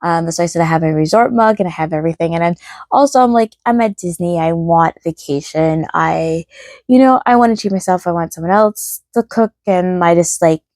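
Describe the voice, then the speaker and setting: A woman's voice: on the low side, a little fast, a little mellow, no room sound. A woman vlogger chatting casually and rambling, with a chatty, self-deprecating manner. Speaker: travel vlogger. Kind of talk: casual vlog chat.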